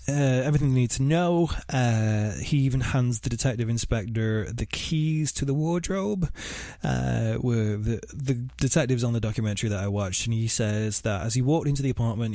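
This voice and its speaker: A man's voice: mid-range voice, darkish tone, no echo, clean studio sound. A man co-hosting a casual true-crime podcast, telling the story with many fillers and asides. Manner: rambling, filler-heavy storytelling, laughs at own jokes. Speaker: podcast co-host.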